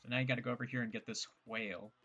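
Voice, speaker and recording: A gravelly, bright-toned young man rambles through a casual gameplay session, tossing out jokes and self-mocking asides. His voice sits fairly low with a crisp edge. Faint game music plays underneath. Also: steady tone, racing, lo-fi sound. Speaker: gameplay streamer.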